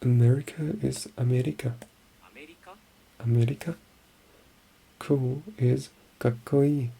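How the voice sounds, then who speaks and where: Soft gravelly ASMR murmur. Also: mid-range voice, fairly even intonation. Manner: murmured, often dropping to a whisper; repeats practice words slowly to themselves. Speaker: ASMR creator. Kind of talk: soft-spoken ASMR rambling.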